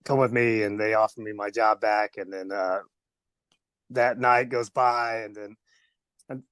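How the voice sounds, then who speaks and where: A man's voice: on the low side, flat delivery, measured pace, fairly bright tone, clear, resonant tone, no echo. A man telling a rambling story in a casual interview, laughing often between lines. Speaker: interview guest, pro wrestler.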